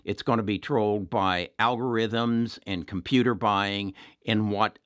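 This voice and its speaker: A man with a somewhat low voice hosts an investing talk in a casual, emphatic way. He repeats his points and often restarts his phrases. The recording is dry and close, with no room sound. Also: fairly even intonation, measured pace, a bit bright, clear, resonant tone, no room sound. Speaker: investing channel host.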